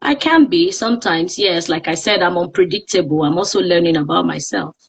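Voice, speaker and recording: A woman's voice: on the low side, a little fast, gravelly, breathy edge. A woman with a Nigerian accent, a guest on a live-streamed interview, talking candidly and reflectively about her life. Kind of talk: casual interview on a social media live stream.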